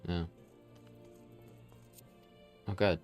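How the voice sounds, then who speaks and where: A man chatting casually while he plays a video game, laid-back and quick to laugh along. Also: a little mellow, soft background music. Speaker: streamer. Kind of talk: casual gaming chat.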